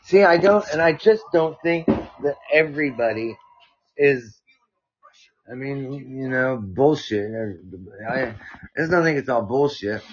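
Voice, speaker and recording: A man's voice: medium pitch, animated, slow pace, breathy edge, dull audio. A man hosting a casual podcast, reading listener stories aloud and rambling with many fillers and restarts. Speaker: podcast host.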